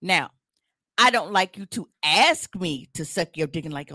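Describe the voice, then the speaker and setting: Bright-voiced blunt woman podcaster. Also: lowish voice, measured pace, no room sound, clean studio sound. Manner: blunt, animated, profane. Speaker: podcast co-host. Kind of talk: casual chat.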